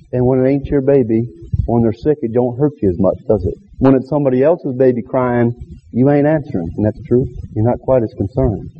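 A man's voice: medium pitch, narrow, tinny audio, slight background noise. A middle-aged man preaching a sermon in a folksy way, calling out to his congregation and acting out characters in quoted asides. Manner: folksy, calls out "Huh?" to the congregation.

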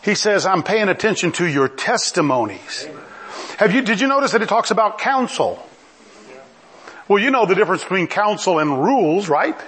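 A middle-aged man preaching a sermon in a lively, conversational way, often asking the congregation questions. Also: high voice, moderate pace.

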